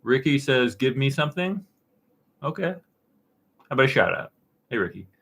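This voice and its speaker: A man in his thirties hosting a casual live stream, answering chat questions in a relaxed, rambling way with plenty of fillers and restarts. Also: mid-range voice, normal speed. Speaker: woodworking channel host answering live chat. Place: dark-painted home studio room.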